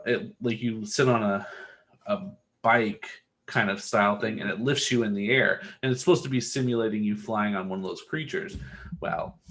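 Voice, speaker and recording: A man's voice: on the low side, fairly bright tone. A man co-hosting a podcast, telling long rambling stories in casual chat and swearing freely. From Texas. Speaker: podcast co-host.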